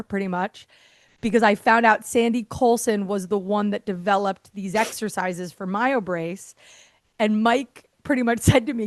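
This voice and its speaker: A woman's voice: fairly high pitch, dry recording. A woman guest on a podcast, an airway therapist, telling a story casually, laughing often and acting out other people's lines. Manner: lively, acts out quoted dialogue.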